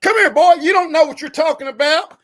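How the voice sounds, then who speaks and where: A man voicing a gruff Southern platoon sergeant from East Tennessee who hollers orders in a drawl. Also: very high voice, fairly quick, a bit bright, pitched above the performer's own voice. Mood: barking. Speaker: podcast guest. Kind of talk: story told in an interview.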